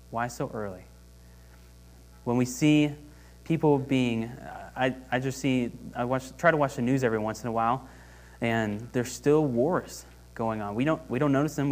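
A young adult man preaching a sermon in a conversational way, often restarting his phrases and lifting his voice on key points. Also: mid-range voice. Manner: conversational, many restarts, rises in emphasis. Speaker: pastor.

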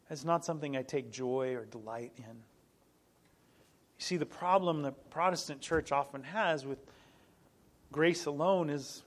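Emphatic preacher, a man with a higher voice. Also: unhurried, pauses often. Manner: earnest, emphatic teaching with repeated phrases; frequent small laughs and restarts. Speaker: pastor. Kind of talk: sermon.

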